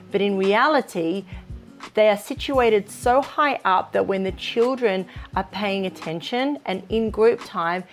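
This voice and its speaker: A woman giving practical advice to early childhood teachers in an instructional video, speaking in an encouraging, down-to-earth way. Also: mid-range voice. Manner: practical, encouraging, demonstrates read-aloud intonation.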